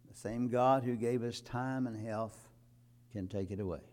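A man's voice: medium pitch, normal speed. Older male pastor, sermon delivery, plain mid voice, emphatic rising climaxes. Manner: rises to loud emphatic peaks, quotes scripture.

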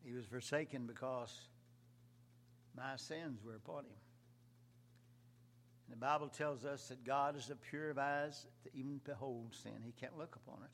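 A man preaching a sermon, shifting from soft, quiet lines to loud, rising cries. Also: mid-range voice, normal speed, long pauses, a little hiss or hum. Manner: preaching with sudden loud swells and soft drops.

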